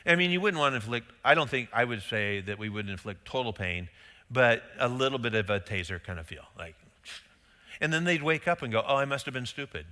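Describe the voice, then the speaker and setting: A middle-aged male pastor preaching in a loose, conversational way, firing off rhetorical questions and slipping into quick quoted voices. His tone is very bright and forward. The sound rings out with a long reverb, as in a large church sanctuary. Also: medium pitch, expressive. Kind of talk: sermon.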